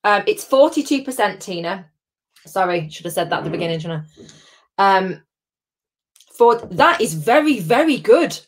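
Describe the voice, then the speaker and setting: A woman's voice: medium pitch, very animated, moderate pace, pauses often. A woman hosts a live-streamed tasting from home. She chats in a bubbly way and greets viewers by name. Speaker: host of a live gin tasting.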